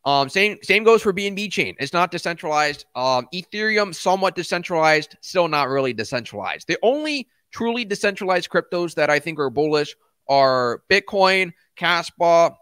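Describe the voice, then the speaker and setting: Animated and moderately paced, this young man has a fairly high, slightly bright, smooth voice as he hosts a relaxed crypto livestream. He calls viewers man and dude, curses, and breaks into rants, all in a dry, clean studio recording.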